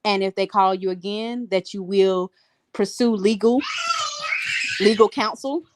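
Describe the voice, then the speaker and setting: A woman's voice: medium pitch, fairly even intonation, measured pace, raised voice, noisy background. A woman explaining something earnestly in casual chat.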